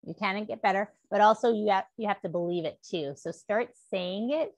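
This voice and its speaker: A woman teaching a gentle stretch class, encouraging and upbeat, leading spoken affirmations. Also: medium pitch, normal speed, no echo. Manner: upbeat and encouraging, with laughs and cheers.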